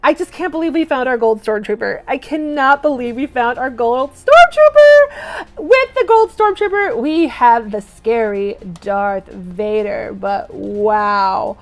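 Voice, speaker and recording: Bubbly high-voiced woman unboxing toys. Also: expressive, takes it slowly. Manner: bubbly, gushing, bursts into squeals and cheers. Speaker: toy unboxing channel host. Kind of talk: excited unboxing vlog.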